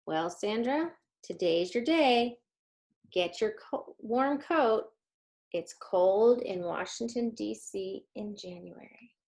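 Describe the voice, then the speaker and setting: Calm patient storybook mom, slow and reasonable, woman reading it. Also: medium pitch.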